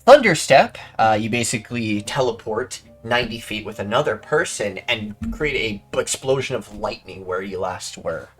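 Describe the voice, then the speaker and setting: A man's voice: fairly low pitch, moderate pace, hardly any pauses, a bit bright, breathy edge, soft background music. A man as game master, reading out item rules and thanking viewers in a friendly way. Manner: reads item rules aloud, friendly sign-off. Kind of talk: running a tabletop game.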